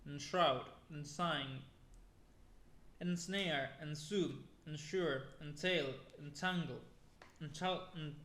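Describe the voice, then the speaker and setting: A man's voice: on the high side, a bit bright. A young man reading a long list of words aloud one by one, stumbling and restarting now and then, sounding weary. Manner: plodding word-by-word reading with restarts and weary asides. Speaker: YouTuber. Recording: echoey room.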